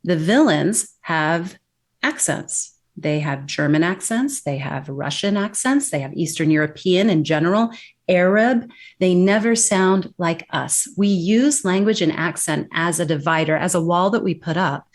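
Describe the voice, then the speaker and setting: Emphatic low-voiced American woman. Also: a little slow. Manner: animated, emphatic, explanatory. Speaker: accent and communication expert guest. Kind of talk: interview answers.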